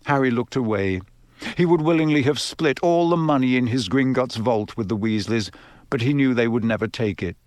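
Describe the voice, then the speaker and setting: A man narrating a novel in an expressive storytelling voice. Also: mid-range voice, normal speed, dry recording. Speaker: audiobook narrator. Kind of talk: scripted narration.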